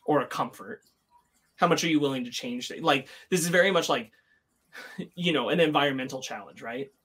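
Husky man musing on a film. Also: mid-range voice, moderate pace, fairly bright tone. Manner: thoughtful, rambling with restarts. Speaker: podcast co-host. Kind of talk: casual film discussion.

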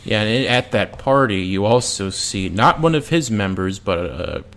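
A man's voice: fairly low pitch, lively intonation, unhurried, fairly bright tone. A man in casual conversation recounting movie scenes in a plain, storytelling way. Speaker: film discussion co-host.

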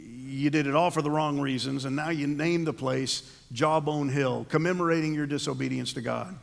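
A man's voice: mid-range voice, creaky, a bit bright, long reverb tail. A man preaching a sermon as the pastor, asking the congregation rhetorical questions.

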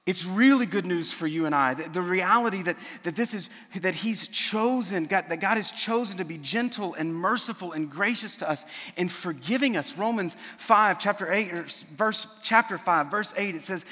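A man's voice: sits high, moderate pace, hardly any pauses, bright, forceful tone, big-room sound. A middle-aged man preaching a sermon as a pastor, earnest and often restarting his words.

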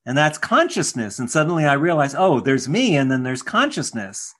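A man's voice: on the high side, big pitch swings, moderate pace, fairly bright tone. Affirming, teacherly man. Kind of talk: casual conversation.

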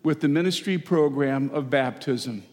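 A middle-aged man, a parish priest, giving a folksy, animated sermon with asides to the congregation. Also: on the high side, normal speed. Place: large church. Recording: long church reverb.

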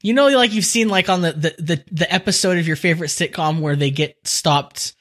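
A man's voice: a little high, fairly quick, a bit bright. A young man co-hosting a podcast, casual and rambling, laughing often between stories. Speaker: podcast co-host. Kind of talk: casual chat.

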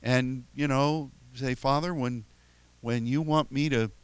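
Male pastor, middle pitch, casual sermon delivery, halting restarts, dry close recording. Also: steady tone, clean tone, no room sound. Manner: conversational, halting with frequent restarts; tells stories with chuckles and playful quoted voices.

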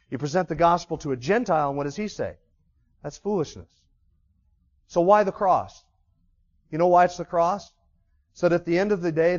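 A man's voice: a little high, a little mellow. A man preaching a sermon with passion, asking his listeners questions and acting out the people he quotes. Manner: impassioned, acts out quoted voices, asks the audience questions. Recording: slightly dull, lo-fi recording.

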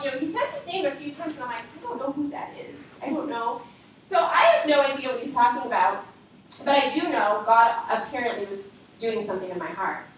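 A woman with a fairly high voice tells an animated testimony, excitable and quick to laugh as she acts out the people she quotes. She sounds distant from the mic in a very echoey room with a faint hiss behind her. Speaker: speaker telling a testimony.

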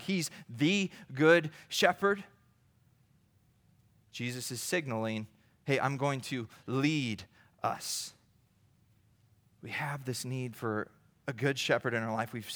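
A man's voice: medium pitch, a bit bright. A man preaching a sermon in an earnest, conversational way, building to emphatic rises.

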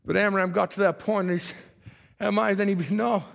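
A man preaching a sermon, storytelling and acting out biblical characters, swinging from shouts to hushed asides. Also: sits high, level tone, normal speed, creaky. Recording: long hall reverb.

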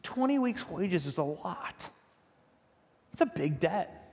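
A man's voice: sits high, very animated, takes it slowly, a little mellow. A male pastor giving a sermon in a conversational, emphatic storytelling manner. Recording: long reverb of a large hall.

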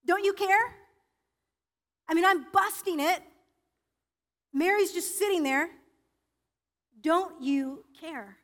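A preacher acting out an overworked woman pleading in exasperation, her voice high and bright as it rings through a reverberant sanctuary. She repeats her complaint with rising frustration, as a woman dramatizes her. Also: slow pace, long pauses, heavily acted. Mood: exasperated.

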